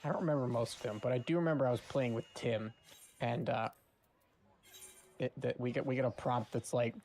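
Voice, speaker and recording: Man, casual stream chat, lively storytelling, faint music behind. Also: mid-range voice, a little fast. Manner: animated storyteller, laughs often.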